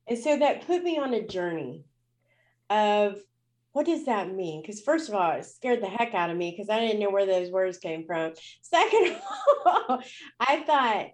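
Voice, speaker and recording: A woman's voice: mid-range voice, animated, moderate pace. A woman speaking as a guest in an interview, telling a personal story in a candid, emotional way with many fillers.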